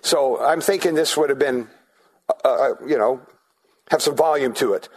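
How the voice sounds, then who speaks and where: A man's voice: mid-range voice, normal speed, breathy edge. A man preaching a sermon as pastor, in a conversational way, asking the congregation questions and often restarting his sentences.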